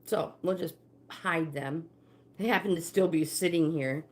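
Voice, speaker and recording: A woman's voice: low-pitched, measured pace, a little mellow. An older woman leading a live-streamed walking workout, giving friendly exercise cues and greeting viewers by name. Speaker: fitness instructor and livestream host.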